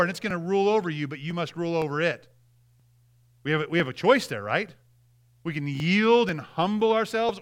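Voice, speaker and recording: Bright-voiced male pastor preaching. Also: medium pitch. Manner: conversational preaching, acts out quotes. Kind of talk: sermon.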